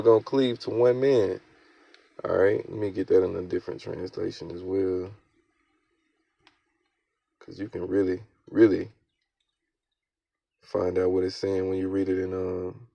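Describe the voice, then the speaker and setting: A man giving casual, slang-heavy scripture commentary, often tagging his lines with "all right?" and reading verses aloud slowly. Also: deep voice, gravelly, warm tone, no echo. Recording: dull, lo-fi, dry sound.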